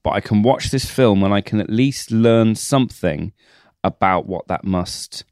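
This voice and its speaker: Reflective man with a low voice. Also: a little slow, darkish tone, dry recording, studio quality. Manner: detailed, reflective retelling with many restarts. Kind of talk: casual film discussion.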